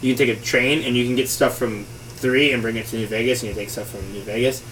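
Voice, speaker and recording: A man chatting casually as a guest about video games, excitable and profane, sometimes shouting as he acts out other players. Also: medium pitch, quick pace. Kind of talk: casual chat. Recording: voice a bit far from mic, faint noise.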